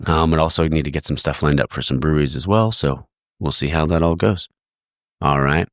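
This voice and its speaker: A congested, tired man hosting a podcast, giving a relaxed, thankful solo sign-off. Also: very deep voice, a little fast, no echo, studio quality. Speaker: podcast host.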